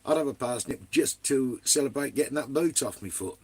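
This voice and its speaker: Live-streaming from his camper van, this English vanlife streamer has a husky, darkish mid-range voice with lively intonation, talking a little fast. He banters casually with viewers, swears plenty and addresses them as "mate" and "son."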